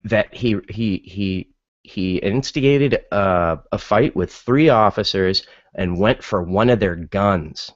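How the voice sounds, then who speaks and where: A man's voice: on the low side, slow pace, no echo, dull audio. A man hosting a casual opinion monologue, exasperated and full of incredulous rhetorical questions and fillers. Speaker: podcast host.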